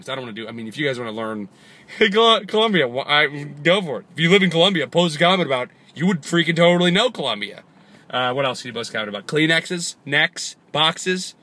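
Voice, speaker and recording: Goofy vlogger man with a bright voice. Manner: goofy, jumps to sudden high squeaks and funny voices. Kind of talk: rambling comedic vlog.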